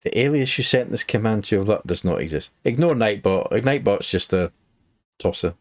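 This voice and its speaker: Glaswegian male streamer, casual chat with viewers, a bit of swearing, voice on the low side. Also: lively intonation, moderate pace, a little mellow. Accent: Glaswegian Scottish. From Scotland. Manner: chatty, swears, talks to chat. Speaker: game streamer.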